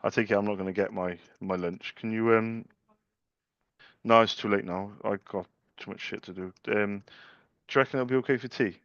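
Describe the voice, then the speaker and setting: A cheeky young man talks in an office, quick with a joke and quicker to laugh at it. The sound is dull and lo-fi, with no room echo at all. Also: fairly low pitch, fairly even intonation, a bit bright. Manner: cheeky, jokey, laughs at own lines. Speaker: salesperson cold calling. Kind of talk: phone sales banter, retold.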